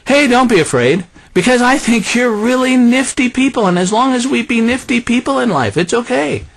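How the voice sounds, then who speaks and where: A man voicing a male teacher who offers breezy, overly cheerful flattery. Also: extremely high pitch, moderate pace, vocal fry, pitched above the performer's own voice, heavily acted. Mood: chummy.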